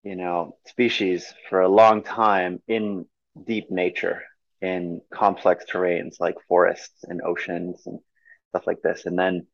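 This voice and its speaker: A man's voice: low voice, level tone, slow pace, creaky, no echo, lo-fi sound. A man talking as a movement coach in an interview, explaining eagerly with many fillers and restarts. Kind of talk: conversational interview.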